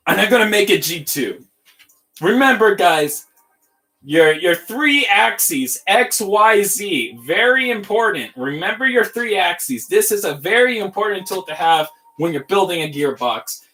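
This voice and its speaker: A man hosting a casual livestream tutorial, talking in an excitable, giddy, rambling way. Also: sits high. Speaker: livestream host building toys.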